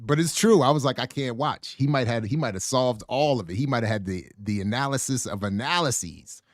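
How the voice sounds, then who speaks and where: A man's voice: medium pitch, fairly quick, dry recording, clean studio sound. A man co-hosting a casual podcast chat, joking and laughing as he tells stories. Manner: laughing, joking, animated storytelling. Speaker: podcast co-host.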